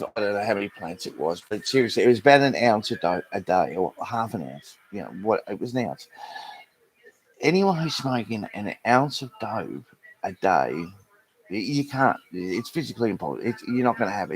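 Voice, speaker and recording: A man's voice: fairly low pitch, a little hiss or hum, rough recording. An Australian man rambling through a sweary, casual rant to a live audience, full of restarts. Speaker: live streamer.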